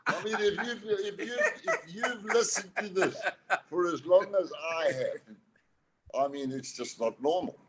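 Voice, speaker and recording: A man's voice: sits high, very animated, a little slow, background noise. A man on a panel, making wry jokes. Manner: wry, joking.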